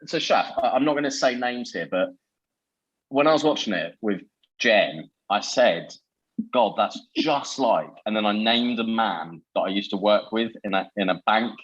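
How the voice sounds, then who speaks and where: Animated man, muffled recording. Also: on the low side, normal speed, slightly rough. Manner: animated, swearing, stumbling restarts. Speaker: podcast co-host. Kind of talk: casual film chat.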